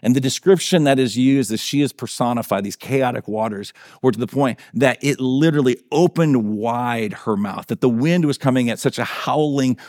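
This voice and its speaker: A man's voice: mid-range voice, moderate pace, hardly any pauses, a little mellow, dry recording, studio quality. A male pastor preaching a conversational sermon in a church, often checking in with his listeners by asking "right?" and "okay?".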